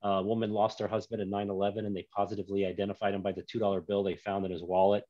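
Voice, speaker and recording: Low-voiced man with dull lo-fi sound. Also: flat delivery, racing, no echo. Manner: rambling storyteller, easy and self-mocking. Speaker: guest, author and documentary maker. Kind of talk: casual interview chat.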